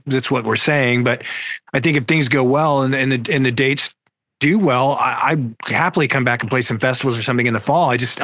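A man's voice: mid-range voice, a bit bright, no echo. Laid-back middle-aged male rock singer. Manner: laid-back, candid storyteller. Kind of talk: casual interview over video call. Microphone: video call.

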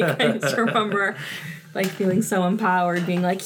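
A woman's voice: fairly low pitch, steady tone, brisk. A woman in her thirties co-hosting a podcast, chatting casually about a TV episode with lots of fillers and laughter. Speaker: podcast co-host. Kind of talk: casual chat reviewing a TV episode.

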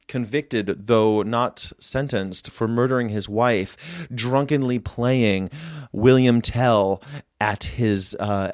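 A man with a smooth, mid-range voice hosts a casual livestream, rambling and chatting as he reacts to viewer comments and shares history tidbits. The recording is dry and studio quality.

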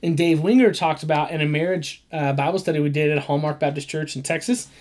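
A man's voice: on the high side, fast. A man in his thirties co-hosting a casual chat, telling stories and acting out the quotes with energy. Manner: animated storyteller who acts out quotes. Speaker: podcast co-host.

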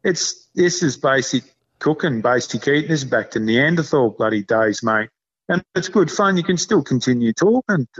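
An Australian man talks in a relaxed, rambling way, peppering his stories with blokey slang. His pitch sits in the middle range for a man. The recording sounds dull and lo-fi. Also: moderate pace, slightly rough. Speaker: podcast guest. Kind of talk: casual chat.

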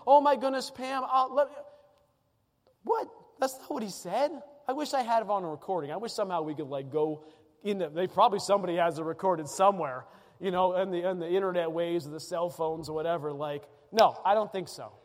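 Stacking repeated phrases for emphasis, a man preaches in a conversational yet forceful way, his voice fairly high. He is a pastor delivering a sermon, and his speech echoes with a long reverb from the big hall around him.

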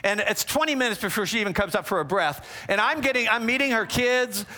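A man giving a teaching talk on relationships, animated and conversational, with frequent asides to the audience. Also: high-pitched, fast.

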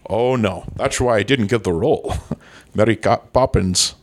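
Brief: man doing low, lisping, boastful aging movie-star impression. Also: moderate pace, natural voice. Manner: slurred lisping "sh" sounds, teasing and boastful. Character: impression of an aging Scottish film star, gruff and cheeky. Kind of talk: comedic impression in podcast banter.

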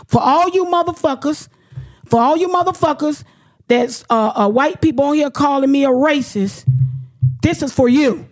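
A woman's voice: high-pitched, moderate pace, soft background music. A woman hosting a radio talk show, outspoken and profane, ranting in heated casual chat.

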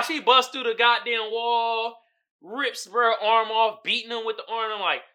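A man's voice: very high voice, fairly even intonation, unhurried, pushed and bright. A man hosting a podcast, recapping a movie in a casual, profane, storytelling way with frequent laughter. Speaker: podcast host.

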